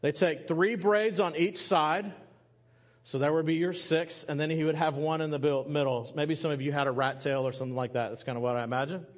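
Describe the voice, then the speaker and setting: A man's voice: on the high side, fairly even intonation, fairly quick. A middle-aged man, preaching a sermon as a pastor, telling a scripture story with humorous asides to the congregation.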